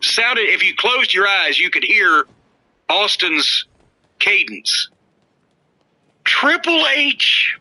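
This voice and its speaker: A man's voice: high voice, lively intonation, slow, sharp tone, low-quality recording. A middle-aged man hosting a podcast, telling wrestling stories in a blunt, profane, mocking way. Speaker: podcast host, former wrestling worker. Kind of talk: casual storytelling chat.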